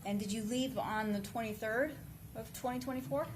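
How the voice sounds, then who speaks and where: A woman's voice: on the high side, normal speed, a little hiss or hum, low-quality recording. A woman defense attorney cross-examining a witness in a courtroom, pressing with pointed leading questions.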